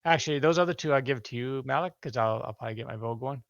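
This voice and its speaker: A man playing in a tabletop game, making quick, offhand suggestions to the group. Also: mid-range voice, fairly bright tone, no echo. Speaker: player. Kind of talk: casual play talk. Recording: dull, dry lo-fi mic.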